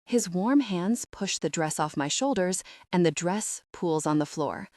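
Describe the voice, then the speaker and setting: A woman reads a first-person romance audiobook in a soft, measured, intimate manner. Her voice is on the low side and very dry, as if recorded close in a dead booth. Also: animated, no room sound. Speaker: audiobook narrator.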